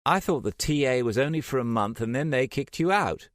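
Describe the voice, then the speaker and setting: A man's voice: medium pitch, sing-song, moderate pace, no room sound, clean studio sound, voice pushed up, close to an everyday voice. Guy putting on a snippy young woman, all cutting put-downs, voice jumps around a lot. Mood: scathing. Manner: scathing, teasing retorts. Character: young woman friend, sharp-tongued and mocking.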